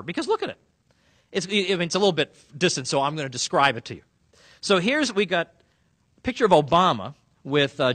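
A man giving a lively, sarcastic public speech to a room of officials, punching key words with emphasis. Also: on the high side, no room sound. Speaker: speaker addressing sheriffs. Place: conference room.

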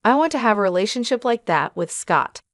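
A gentle, heartfelt young bride-to-be, as a woman narrator reads her lines. Her lines come in a plain, even delivery. The sound is dry and close. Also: mid-range voice, fairly quick, dry recording, lightly acted. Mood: tender.

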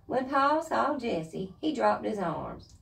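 A woman reads a children's chapter book aloud. Her voice has a gravelly edge and moves a lot in pitch. She sits a little away from the microphone. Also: slow, far from the mic, low-quality recording. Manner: lively expressive reading. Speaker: reader.

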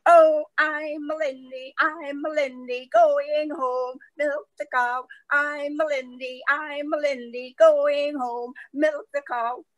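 A woman's voice: sits high, fairly even intonation, slow pace, few pauses, dry recording, voice pushed up. A woman voicing a nine-year-old girl who sings and dances everywhere, with a singsong voice. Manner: singsong, wailing when upset.

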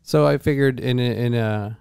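A man's voice: medium pitch, moderate pace, vocal fry, darkish tone, clean tone, dry recording, clean studio sound. A married man co-hosting a podcast, joking around in a laid-back, rambling way. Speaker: podcast co-host. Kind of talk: casual podcast chat.

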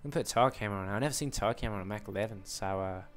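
A man's voice: lowish voice, very fast. A young man with a put-on American accent, rambling through live game commentary with self-mocking asides. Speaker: gaming commentator.

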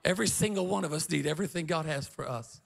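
High, gravelly, bright preacher man. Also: fast. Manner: animated, shouting and laughing through stories. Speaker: pastor. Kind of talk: revival sermon storytelling.

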